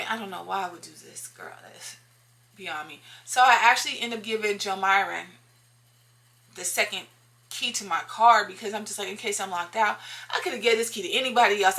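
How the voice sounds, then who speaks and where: Bright-voiced woman telling a storytime. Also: mid-range voice. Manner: emphatic, repeats lines for effect, talks straight to viewers. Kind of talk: casual storytime monologue.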